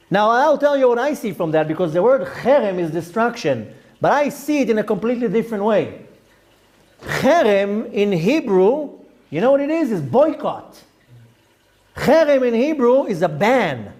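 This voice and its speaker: A middle-aged rabbi delivers a sermon with emphasis and rhetoric, often putting questions to his listeners and dipping into Hebrew terms. His voice is very high-pitched and a little mellow.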